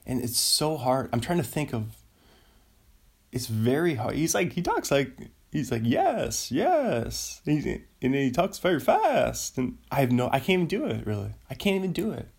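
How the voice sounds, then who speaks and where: A man's voice: medium pitch, sing-song, normal speed, vocal fry, slightly rough. A man rambling in a casual solo chat, often trailing off and laughing at his own ideas. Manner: meandering, self-interrupting, laughs often.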